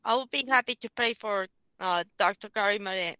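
A woman's voice: medium pitch, fairly quick, bright, forceful tone, poor audio. A woman on the line leading an earnest, fervent spoken prayer.

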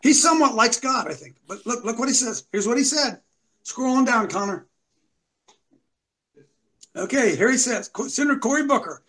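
A man's voice: extremely high pitch, lively intonation, moderate pace, long pauses, rough recording. A man hosting a show, giving combative, mocking commentary. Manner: preachy, mocking, rising to shouts. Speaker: show host.

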